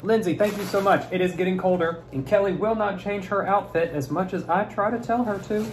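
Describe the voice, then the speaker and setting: A young man chatting playfully while opening fan mail, swinging from mumbles to high squeals. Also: brisk, a little hiss or hum. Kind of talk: casual unboxing chat.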